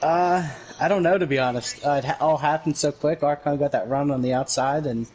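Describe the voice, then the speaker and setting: A man interviewed as the winning driver of a sim race, excited and casual. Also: on the high side, fairly quick, slight background noise.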